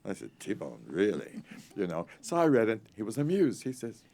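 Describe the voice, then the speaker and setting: A man in his eighties, an actor and author telling lively, rambling Hollywood stories in an interview and acting out the people in them. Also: medium pitch. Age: 80s. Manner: animated, rambling, laughing, quick to act out others. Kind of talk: anecdotal interview storytelling.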